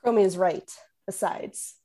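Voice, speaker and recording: A woman voicing a steady female robot squad leader, calm and reassuring. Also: mid-range voice, measured pace, natural voice.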